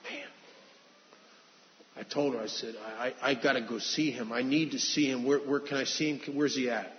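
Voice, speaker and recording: In a dull, echoing hall, a man earnestly tells his recovery story as a confessional testimony, often restarting phrases. His mid-range voice holds a steady tone at a normal pace, with slight background noise.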